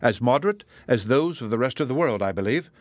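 A quiet young gentleman with a dry, teasing wit, read by a man. The voice stays in a middle register, close and dry. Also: mid-range voice, animated, quick pace, no echo, natural voice. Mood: wry. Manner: wry, gently mocking. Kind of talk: audiobook character reading.

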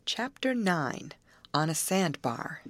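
A woman reading a novel aloud as an audiobook narrator, expressive and giving each character a voice. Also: deep voice, slow, no echo.

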